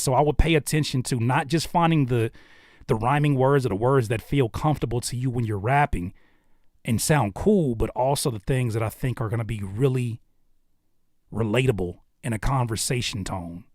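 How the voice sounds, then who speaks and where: A mid-pitched man talks through viewers' songs in a laid-back, slangy livestream critique. He thinks out loud, restarting sentences as he goes. His voice sounds dry and close to the mic. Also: normal speed, dry recording. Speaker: host reviewing viewer music on a livestream.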